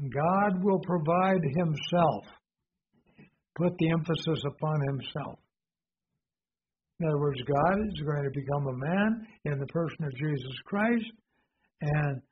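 A man with a slightly high voice preaching a verse-by-verse sermon. He reads scripture aloud and stops to quiz his listeners on what it means. The sound is thin and phone-like, with a faint hiss behind it.

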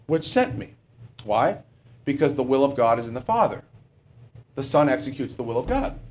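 A man's voice: mid-range voice, sing-song, moderate pace, long pauses, a little mellow. A male preacher giving a conversational sermon, often asking the congregation questions and adding "okay?" as he goes.

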